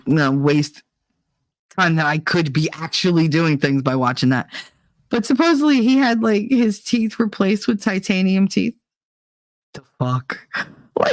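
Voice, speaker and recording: A woman's voice: on the low side, no echo. Profane ranting woman podcast host. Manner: profane and blunt, swears freely; exasperated, ranting. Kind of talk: casual rant.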